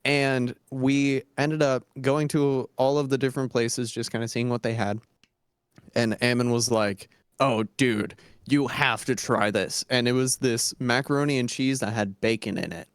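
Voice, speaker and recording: A young man, a podcast co-host, telling a food story in relaxed, enthusiastic casual chat. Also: medium pitch, moderate pace, clean tone, no room sound, studio quality. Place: small podcast studio.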